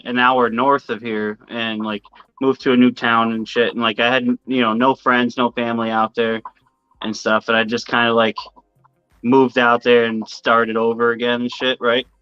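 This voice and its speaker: Guest, male, bright and forceful, dry and slightly dull lo-fi sound, loose and profane. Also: mid-range voice, little pitch movement, moderate pace, clear, resonant tone, dry recording. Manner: rambling storyteller, swears casually. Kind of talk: casual interview chat.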